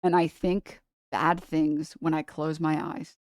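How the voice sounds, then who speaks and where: A young adult woman hosting a livestream, chatting casually and ranting with swearing and quick asides. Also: sits low, flat delivery, a little mellow, dry recording, clean studio sound. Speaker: livestream host. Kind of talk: casual chat.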